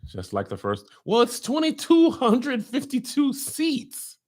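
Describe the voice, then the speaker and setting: A man's voice: very high-pitched, huge pitch swings, slow. Offhand comedian man chatting casually. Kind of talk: casual chat.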